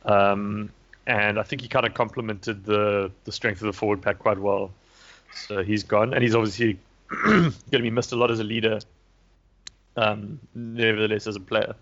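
A man's voice: lowish voice, fairly even intonation, moderate pace, a bit bright. Man chatting loosely, lo-fi sound. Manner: rambling, hesitant, frequent restarts and fillers. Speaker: podcast host previewing rugby. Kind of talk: casual chat. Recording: dull lo-fi recording.

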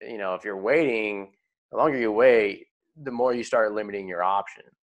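A man's voice: on the low side, moderate pace. A man hosting a podcast, explaining student loan planning in an upbeat, casual way with many fillers. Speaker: podcast host, loan advisor.

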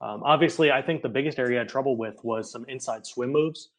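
A man talks through football ratings on a podcast. His talk is casual and comes in quick bursts, and he often checks in with "right?". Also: medium pitch. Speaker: guest ratings analyst.

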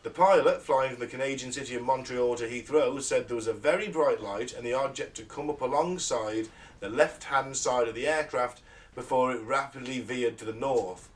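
A man's voice: mid-range voice, moderate pace. Dry british guy reading stories out on a podcast, sounds a bit far from the mic. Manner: dry, sarcastic, laughs often. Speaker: podcast co-host. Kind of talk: casual chat, reading news aloud. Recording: distant mic.

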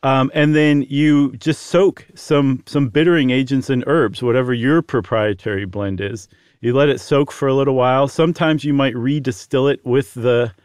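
A podcast co-host with a medium-pitched, darkish, clear and resonant voice explains things at length in a friendly, casual manner, using fillers. He speaks at a moderate pace, and the recording is dry with clean studio sound.

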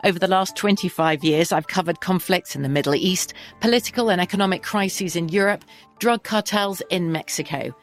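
A woman reads a podcast promo in a confident, measured tone. Her voice sits a little low. Faint music plays underneath. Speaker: podcast host.

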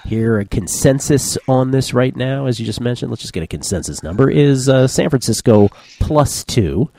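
A man hosting a sports betting podcast, brisk and wry as he leads the picks. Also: medium pitch, vocal fry, warm tone, a little hiss or hum. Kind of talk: casual sports betting talk.

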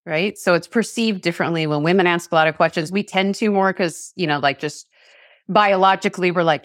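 A woman's voice: fairly low pitch, fairly bright tone, no room sound, studio quality. A woman podcast host and leadership coach who reflects aloud, often stopping to ask "right?" as she works through an idea. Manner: reflective, thinks aloud with "you know" and "right?". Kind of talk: interview conversation.

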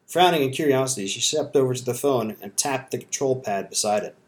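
Steady male audiobook narrator. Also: mid-range voice. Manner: steady, measured storytelling.

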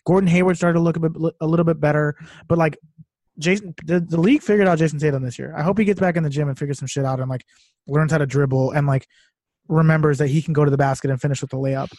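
A man's voice: fairly high pitch, fairly even intonation, fast, darkish tone, no room sound, studio quality. A man co-hosting a sports podcast in casual chat, rambling with lots of fillers and restarts. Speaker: podcast co-host.

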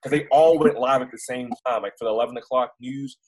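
A young man from Baltimore with a Baltimore accent, a news reporter telling stories as an interview guest in a rambling, animated way with many restarts. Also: medium pitch, quick pace, poor audio. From Baltimore, United States. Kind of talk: casual storytelling in an interview.

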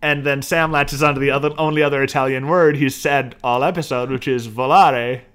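A man with a bright, forward voice chats casually as a podcast co-host. He talks with animation and slips into quoted lines of dialogue, laughing along the way. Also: medium pitch, steady tone, fairly quick, smooth. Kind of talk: casual chat recapping a TV episode.

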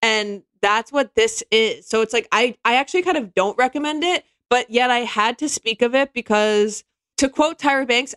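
A woman's voice: fairly high pitch, moderate pace, a bit bright, smooth, no echo. A woman chatting casually as a podcast co-host, sarcastic, acting out the people she quotes in mocking voices. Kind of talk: casual comedic chat.

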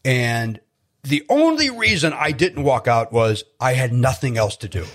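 A man's voice: medium pitch, sing-song, measured pace. A man from Chicago, a stand-up comedian, chatting as a guest in a rambling, self-deprecating way. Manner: rambling, self-deprecating, repeats words when starting. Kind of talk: casual interview chat.

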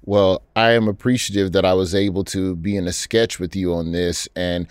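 A man's voice: deep voice, little pitch movement, normal speed, smooth, dry recording, studio quality. A man hosting a comedy podcast, joking in a mock-indignant, playful way before asking his guest questions. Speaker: host.

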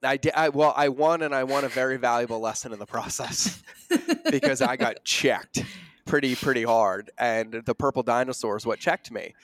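A middle-aged man hosting an interview podcast, talking earnestly and slowing down to stress his points. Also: mid-range voice, a bit bright, no echo. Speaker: podcast host. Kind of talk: conversational interview.

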